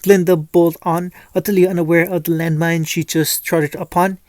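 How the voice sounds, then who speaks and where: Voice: medium pitch, level tone, normal speed, darkish tone, dry recording. A narrator reading a fan-fiction story aloud, with frequent stumbles and restarts. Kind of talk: storytelling reading with light character voices.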